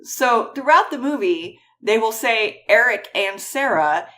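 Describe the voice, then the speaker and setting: Woman podcast host, lively pitch, wry storyteller. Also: measured pace. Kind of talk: casual chat recapping a film.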